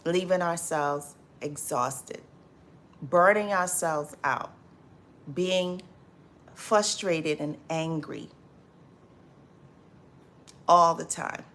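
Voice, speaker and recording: A woman hosts a casual livestream, greeting viewers and reading out their comments. Her voice sits a little low and she talks at an unhurried pace. She breaks into loud laughter often and repeats her phrases. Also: slight background noise. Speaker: livestream host.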